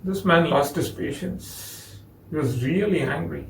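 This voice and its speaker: A man's voice: a little high, a little slow, gravelly, reverberant, far from the mic, rough recording. A man with an Indian English accent telling a spiritual story in a discourse, acting out the voices of its characters. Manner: animated storytelling with acted quotes. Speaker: spiritual speaker.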